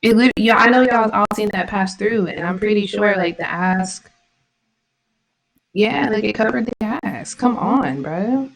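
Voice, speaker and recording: A woman's voice: medium pitch, unhurried, vocal fry, poor audio. A woman vlogging her trades in casual live commentary, slangy and irritated, swearing often. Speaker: trading vlogger.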